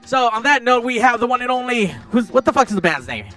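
A man hosting a band interview at a live venue, joking loudly and crudely as he teases the musicians. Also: very high-pitched, very animated, fast talker, distant mic. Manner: loud, profane and teasing. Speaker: show host interviewing a band. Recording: loud music underneath.

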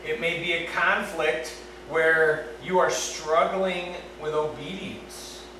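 A man's voice: a little high, steady tone, takes it slowly. A man preaching a conversational sermon, often checking in with his listeners. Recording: echoey room with background noise.

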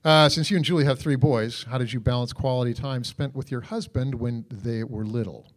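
A man's voice: medium pitch, a little fast. Middle-aged man, easygoing, self-deprecating, casual faith chat co-host.

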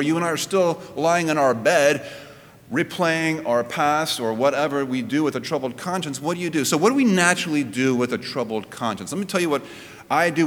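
A man giving a sermon as a pastor, in a conversational preaching manner that climbs and drops in pitch, with frequent restarts. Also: a bit bright, in a large hall.

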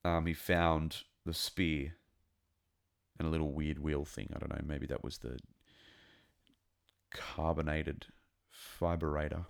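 A man giving a casual, rambling and excitable review of a TV episode. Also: extremely low pitch, takes it slowly, creaky, pauses often. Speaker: show reviewer.

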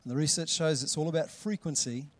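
Animated man preaching a sermon. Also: on the high side, fast. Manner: animated, acts out voices with big loud calls. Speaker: pastor.

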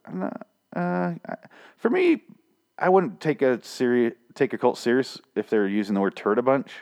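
A man's voice: medium pitch, big pitch swings, moderate pace, vocal fry, darkish tone. A man casually recapping a TV episode, swearing and sarcastic, rambling with lots of restarts. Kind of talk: casual spoken recap and review.

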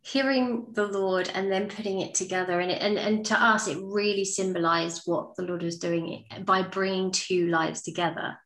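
An author, a woman, speaks as a guest in a relaxed, thoughtful way. Her voice sits in a middle range. The room gives it a noticeable echo. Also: medium pitch, moderate pace, hardly any pauses. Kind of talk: interview.

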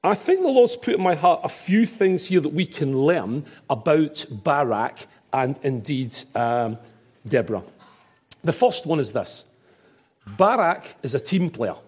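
Casting: Glaswegian preacher, husky, slightly high voice, animated and chatty. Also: male voice, measured pace. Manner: animated, chatty, self-interrupting. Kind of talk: sermon.

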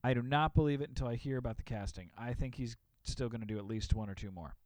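A man's voice: mid-range voice, no echo. Playful man, dry close recording. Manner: playful, quick-witted, laughs often. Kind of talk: casual chat.

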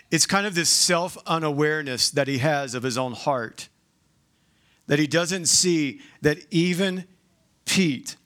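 A male pastor preaching a sermon in a conversational, animated way, acting out the quotes he tells. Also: a little high.

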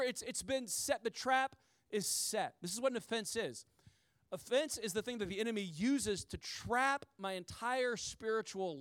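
A man preaching a sermon as pastor, in a conversational, animated way, with frequent asides to the congregation and key phrases repeated for emphasis. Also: extremely high pitch, dry recording, studio quality.

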